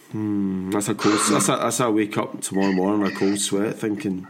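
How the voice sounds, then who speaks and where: A Scottish man in his forties hosting a podcast, chatting in a rambling, animated way and laughing often. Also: fairly low pitch, measured pace, background noise. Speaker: podcast host. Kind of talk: casual chat.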